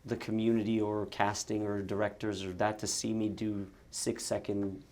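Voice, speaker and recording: A man guest telling stories in a casual interview, lively, with quick bursts and frequent restarts. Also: on the low side. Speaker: actor and content creator, guest.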